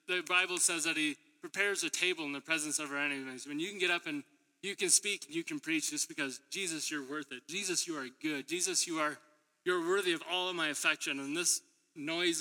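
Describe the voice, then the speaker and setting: Fairly high and brisk, the man's voice comes across pushed and bright, with fairly even intonation. A preacher who also teaches middle school, he preaches in a church hall through casual stories, laughing frequently and acting out others' words. The recording has a long hall reverb.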